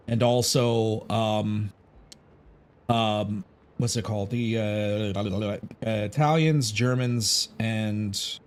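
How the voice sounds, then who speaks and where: A man from Chicago chatting casually on a gaming livestream, rambling, opinionated and swearing freely. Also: fairly low pitch. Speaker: gaming streamer.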